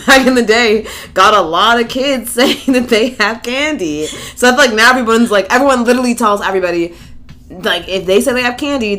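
A woman's voice: mid-range voice, a bit bright. A woman co-hosting a podcast in casual chat, rambling and trailing off into asides. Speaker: true crime podcast co-host.

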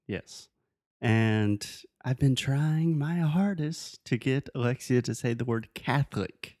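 A man's voice: medium pitch, slow, a little mellow, no echo, clean studio sound. A man co-hosting a podcast, patiently walking his partner through English pronunciation in casual conversation. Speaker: podcast co-host and English teacher.

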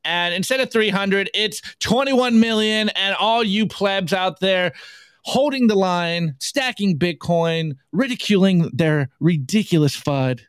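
A man hosting a live podcast, reviewing memes in an energetic, casual way and hyping up his audience with catchphrases. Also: high voice, a little slow, clean tone, dry recording, clean studio sound. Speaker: podcast host.

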